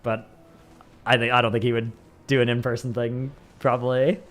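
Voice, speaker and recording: Speaking at a moderate pace in a medium, somewhat bright voice, the man keeps his delivery flat. He's a livestreamer from the San Francisco Bay Area with a Northern Californian accent, rambling to his viewers and leaning on "like" constantly.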